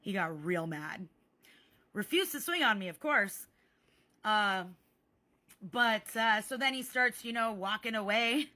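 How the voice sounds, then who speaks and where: A young woman recording a phone vlog, telling a story in an animated, sarcastic way and swearing freely. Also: mid-range voice, takes it slowly, long pauses.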